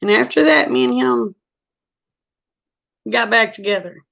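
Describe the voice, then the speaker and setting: Chatty woman with a gravelly voice. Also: on the high side, unhurried, fairly bright tone. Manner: chatty, frank, repeats "I said". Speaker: vlogger. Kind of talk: casual storytelling.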